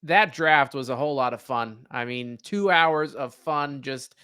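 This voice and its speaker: A man's voice: medium pitch, unhurried, sharp tone, clear, resonant tone, no echo, clean studio sound. A man co-hosting a casual sports podcast, friendly and a little teasing. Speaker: podcast co-host.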